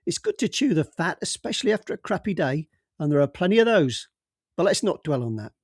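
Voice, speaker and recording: A man voicing a loud, bluff police boss. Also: on the high side, very animated, a little fast, husky, dry recording, studio quality, heavily acted. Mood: bluff, bossy. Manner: loud, bluff and bossy, cuts others off. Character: brusque, jovial middle-aged male police boss. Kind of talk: audiobook character voice.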